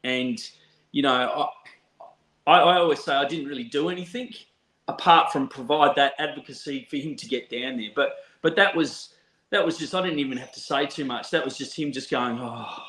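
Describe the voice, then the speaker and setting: An Australian man, a counsellor appearing as a podcast guest, shares a story from his work in a relaxed chat. His mid-range voice moves at a moderate pace, he laughs often and restarts sentences, and the recording has a roomy echo.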